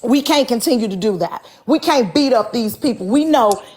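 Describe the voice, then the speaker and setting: A woman's voice: a little high, expressive, moderate pace, a little mellow, slightly rough. A woman giving heated, slangy commentary in a casual live-stream chat.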